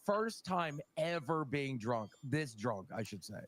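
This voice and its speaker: A man's voice: mid-range voice, sing-song, a little slow, noisy background. A man casually chatting with friends, crude and emphatic, swearing freely. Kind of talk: casual chat among friends.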